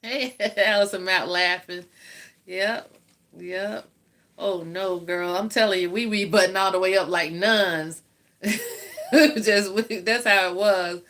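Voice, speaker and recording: A woman's voice: mid-range voice, fairly even intonation, slow, a bit bright. A woman, chatting casually and laughing often while hosting a livestream from home. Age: 50s. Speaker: livestream host. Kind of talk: casual live chat with viewers.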